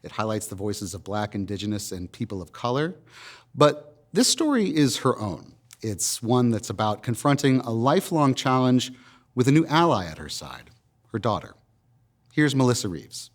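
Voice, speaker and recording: A man hosting a storytelling event, reading a measured, scripted introduction. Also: mid-range voice, sing-song. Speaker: event host.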